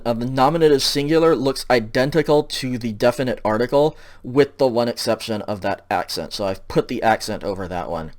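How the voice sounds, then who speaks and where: A man giving a recorded lecture over slides, patient and explanatory, checking in often and filling pauses with ums. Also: medium pitch, a little mellow. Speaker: teacher.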